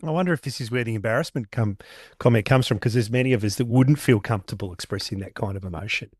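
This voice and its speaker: Male host, 50s, conversational and thoughtful, medium pitch, dry recording. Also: quick pace, slightly rough, dry recording. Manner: conversational, thoughtful, long-winded questions. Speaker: podcast host. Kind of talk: interview questions.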